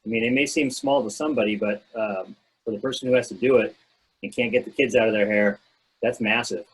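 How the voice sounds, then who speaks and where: A man co-hosting a casual podcast over a video call, speaking in a measured, thoughtful way with fillers. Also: fairly low pitch, slightly rough, low-quality recording. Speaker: podcast co-host.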